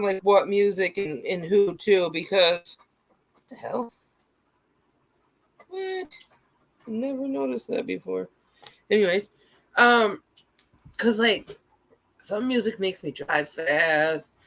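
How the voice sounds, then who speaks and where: Slow rambling woman streamer, swears freely. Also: mid-range voice, fairly bright tone, poor audio. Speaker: livestreamer chatting with viewers. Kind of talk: casual livestream chat.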